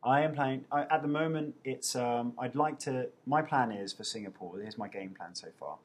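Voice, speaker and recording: A young man with an English accent chats into his webcam, reading out viewers' questions and answering them. His voice is husky and a little breathy, sitting at an everyday middle pitch. He jokes easily at his own expense as he goes. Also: normal speed. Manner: chatty, self-mocking, playful. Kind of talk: casual webcam Q&A.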